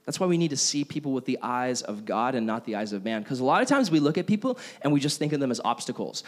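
A man's voice: medium pitch, racing, hardly any pauses. A young man preaching a casual sermon to a youth group, acting out voices from everyday stories. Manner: casual, animated, acts out quoted voices. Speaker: youth pastor.

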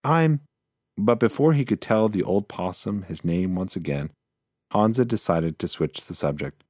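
Lively low-voiced man reading a story. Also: dry recording, clean studio sound. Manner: slow, measured reading. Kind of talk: storybook narration.

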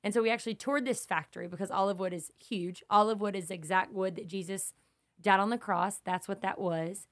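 A woman's voice: medium pitch, fairly even intonation, fairly quick. Earnest woman giving a devotional talk. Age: young adult to middle-aged, mother of kids. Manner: emphatic, earnest, storytelling. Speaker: podcast host teaching scripture. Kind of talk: conversational devotional teaching.

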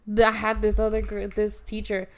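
A woman's voice: medium pitch, completely flat delivery, normal speed. A young woman casually telling a story from her school days as a podcast co-host, acting out the voices of the people in it and laughing often.

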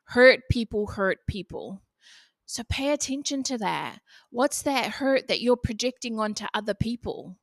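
A woman's voice: on the high side, fairly bright tone, no echo. Blunt, casual New woman. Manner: blunt, casual, swears freely. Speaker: podcast host. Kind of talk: motivational solo podcast talk.

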